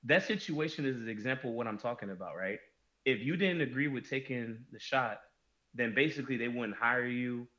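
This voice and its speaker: A man speaks at a middle pitch in a casual podcast discussion. He is emphatic and often restarts his sentences. The recording is dull and lo-fi. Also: a little fast, pushed and bright.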